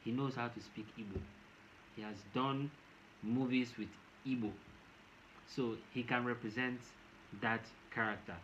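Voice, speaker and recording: A man's voice: medium pitch, fairly even intonation, measured pace, pauses often, a bit bright. Man, Nigerian accent, casual rambling commentary, dull lo-fi recording, faint noise behind. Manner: rambling, repeats and restarts phrases. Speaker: vlogger.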